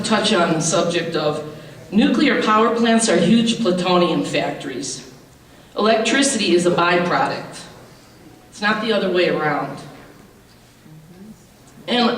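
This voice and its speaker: A man's voice: sits high, a bit bright. A man speaks fervently at a public hearing, rambling from point to point. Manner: fervent, rambling, builds to outcry. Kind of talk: impassioned public comment. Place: large public meeting hall. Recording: echoey hall, distant mic, faint noise.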